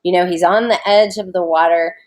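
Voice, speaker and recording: A woman's voice: fairly low pitch, fairly even intonation, a little fast. A woman teacher giving a recorded online lesson from home, explaining a short story in a casual, chatty way with fillers.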